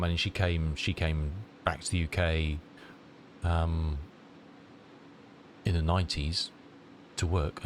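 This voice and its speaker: A man's voice: sits low, a little hiss or hum. A middle-aged man with a southern English accent, chatting casually on a live stream while congested from a cold, rambling as he answers viewers. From southern England. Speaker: flight-sim streamer.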